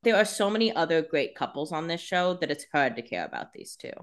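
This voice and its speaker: A woman with a lower voice and a lively, swooping delivery. She chats as a podcast co-host, joking and laughing between comments. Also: brisk. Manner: expressive, laughs often, jokey asides. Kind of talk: casual recap chat.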